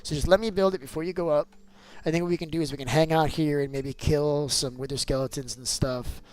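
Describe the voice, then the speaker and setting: A man hosting a casual gameplay video, animated and teasing, who keeps calling his child "bud" and breaks into loud bursts of excitement. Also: a little high, a little fast. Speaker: gaming channel host and father.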